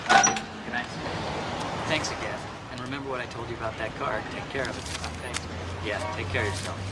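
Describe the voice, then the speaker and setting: A man's voice: medium pitch, expressive, moderate pace, lightly acted. An actor playing an easygoing, teasing car salesman in a TV movie. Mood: joking. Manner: teasing, friendly. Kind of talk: TV movie acting. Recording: loud background noise.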